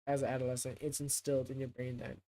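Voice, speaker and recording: A man casually talking on a livestream, rambling and thinking out loud with lots of fillers and restarts. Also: mid-range voice, level tone, quick pace. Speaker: streamer.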